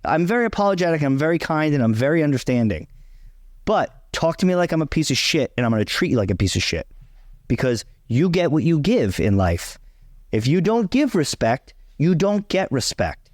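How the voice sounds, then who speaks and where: A man's voice: on the high side, very animated, brisk, dry recording, studio quality. A young man co-hosting a casual chat, talking bluntly and emphatically, swearing freely and repeating himself for emphasis. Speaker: vlog co-host.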